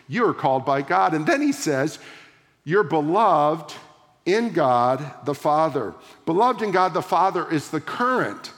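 A middle-aged man preaching a sermon from the front of his church, emphatic and slowing down to stress key words. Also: a little high, fairly bright tone. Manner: emphatic, varying pace for stress. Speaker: pastor. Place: church sanctuary. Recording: long church reverb.

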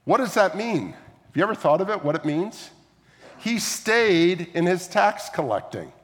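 A man's voice: high voice, very animated, measured pace, a bit bright. A man preaching a sermon as a pastor, talking through scripture in a conversational way, with frequent asides and questions to the listeners. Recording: long hall reverb.

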